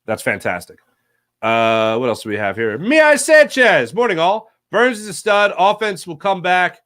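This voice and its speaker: A man's voice: a little high, moderate pace, fairly bright tone, dry recording, clean studio sound. A man hosting a casual sports talk stream, reading viewer comments aloud and reacting in a rambling, jokey, self-correcting way. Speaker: sports talk show host.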